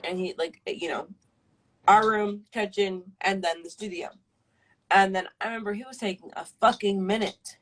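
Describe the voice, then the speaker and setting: A woman's voice: medium pitch, fairly even intonation, moderate pace, a bit bright, rough recording. A woman in her twenties on a live stream, telling a personal story in a casual, rambling way, full of fillers and swearing. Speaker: livestream guest.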